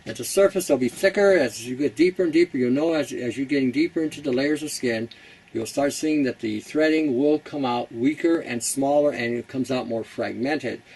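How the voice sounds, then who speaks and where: A man's voice: mid-range voice, normal speed, a little mellow, slightly rough, poor audio. A man hosting a casual how-to talk, chatty and blunt, laughing at his own jokes. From Canada. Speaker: host.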